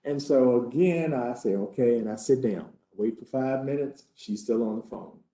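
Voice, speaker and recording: Dark-voiced man telling a case story. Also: mid-range voice, moderate pace. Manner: earnest, conversational, building tension. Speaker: trainer acting out a case study. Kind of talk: first-person role-play storytelling. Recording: roomy hall.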